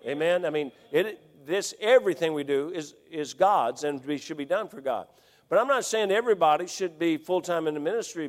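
Man, middle-aged, pastor, folksy sermon, shouts then hushes, long hall echo. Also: on the high side, lively intonation, fairly quick.

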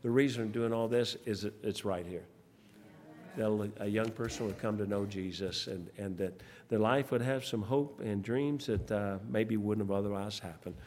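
A man, a pastor leading church service announcements in a rambling, folksy way, pausing often. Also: fairly low pitch, a little mellow. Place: church sanctuary. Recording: long church hall reverb, faint noise.

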